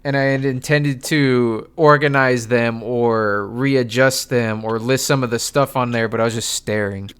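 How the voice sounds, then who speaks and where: A man's voice: mid-range voice, fairly even intonation, measured pace, hardly any pauses, a bit bright, clean tone. A young man hosting a podcast, telling a story in casual chat, swearing and laughing, acting out what people said. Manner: laughing, swearing, acts out quotes. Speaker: podcast host.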